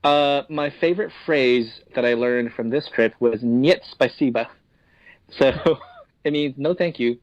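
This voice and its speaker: A man's voice: mid-range voice, unhurried, no echo, lo-fi sound. A man co-hosting a podcast in a jokey way, often laughing as he talks. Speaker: podcast co-host. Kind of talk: casual podcast chat.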